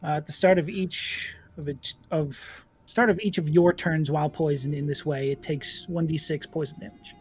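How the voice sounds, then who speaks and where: A man's voice: a little high, moderate pace, hardly any pauses, breathy edge, soft background music. Man narrating a tabletop game. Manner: relaxed, descriptive, reads out rules. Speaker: dungeon master.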